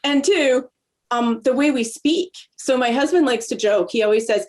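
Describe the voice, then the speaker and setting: A woman's voice: high voice, lively intonation, moderate pace. A middle-aged woman from Canada hosting a podcast, telling stories chattily and laughing often. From Southern Alberta, Canada. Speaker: podcast host. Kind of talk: casual conversation.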